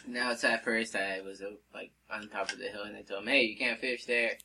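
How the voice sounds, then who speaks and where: A man's voice: lowish voice, fairly even intonation, brisk, vocal fry, sharp tone, slight background noise, rough recording. A man telling a story to friends in a rambling, profane way, full of fillers. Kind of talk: casual chat.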